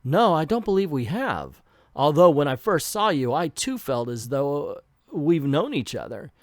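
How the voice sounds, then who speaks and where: A man's voice: fairly high pitch, very animated, a little slow, no echo, clean studio sound. A man reading the guarded, polite lines of a mysterious young woman agent from an old comic. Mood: wistful.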